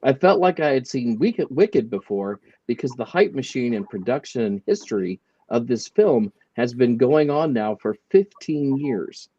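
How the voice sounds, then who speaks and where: A man delivering prepared remarks on a panel in a dry, joking way. His voice sits at an average pitch, and the mic sounds dull and dead with no room around it. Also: expressive, a little slow, few pauses, warm tone, dry recording. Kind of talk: casual chat, prepared commentary.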